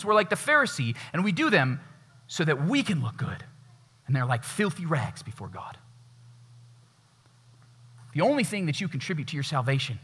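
Male pastor preaching in church; slightly high, husky voice, chatty delivery with acted-out asides. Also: fairly bright tone. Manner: conversational, acts out quoted voices. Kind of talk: sermon.

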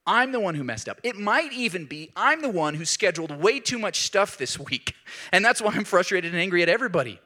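A man preaching a sermon in an animated way, rising to emphatic peaks. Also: high-pitched, fairly quick. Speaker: pastor.

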